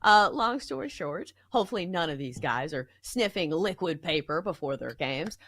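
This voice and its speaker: Female host, expressive rising and falling voice, upbeat, asks the questions. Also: sits low, normal speed, no echo. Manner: upbeat, leads the segment with questions. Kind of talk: casual sports betting chat.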